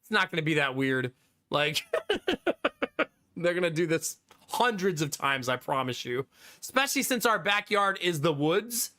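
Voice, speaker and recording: A man's voice: fairly high pitch, lively intonation, a little slow, long pauses, sharp tone. A man in his thirties, a live streamer telling a story to his viewers in casual chat, laughing often and swearing freely.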